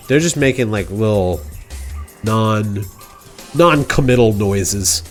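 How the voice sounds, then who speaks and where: A man's voice: mid-range voice, normal speed, faint music behind. A man hosting a game livestream, telling a goofy story in casual slang, rambling with restarts. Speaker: livestream host.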